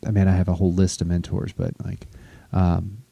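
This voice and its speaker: A podcast host, a man, with a deep, low voice, rough with gravel and dark in tone. He asks his questions in a loose, rambling way, full of fillers. The recording is close and dry. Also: level tone, a little fast, no room sound. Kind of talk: casual interview chat.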